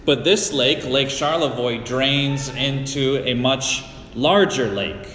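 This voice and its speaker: A middle-aged man from the Great Lakes region of the US, preaching a sermon as a pastor in a slow, deliberate storytelling manner with personal anecdotes, recorded in a church sanctuary. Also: mid-range voice, a bit bright, a little hiss or hum. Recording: echoey hall with long reverb.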